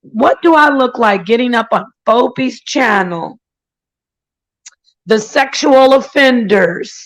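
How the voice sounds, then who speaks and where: A woman's voice: a little high, poor audio. A woman hosting her own channel, telling a story in an indignant casual rant with mocking impressions of others. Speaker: channel host.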